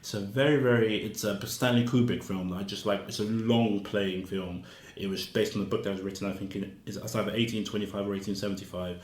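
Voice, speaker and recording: A man's voice: on the low side, steady tone, fast. A male author talking casually as an interview guest, hesitant, with many fillers and repeated words. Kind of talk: casual conversation. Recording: roomy, echoey room.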